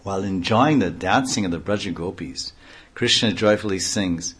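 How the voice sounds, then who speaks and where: A man's voice: sits low, moderate pace, fairly bright tone, husky. A man giving a devotional reading aloud, breaking off into offhand comments and explanations. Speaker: reader and speaker.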